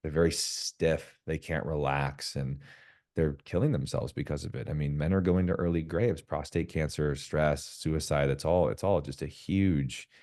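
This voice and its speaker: Super deep voiced guy on a podcast, blunt, swears, does little voices for quotes. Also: fairly even intonation, moderate pace, a little mellow. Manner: acts out quoted dialogue with shifting voices; frank, blunt, swears freely. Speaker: podcast guest. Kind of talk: casual podcast conversation.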